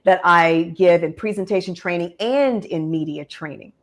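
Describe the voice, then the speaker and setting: A woman media coach speaks with a measured, authoritative delivery, as if coaching a client. Her voice sits low for a woman. She talks as a guest on a video-call interview. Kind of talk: interview conversation.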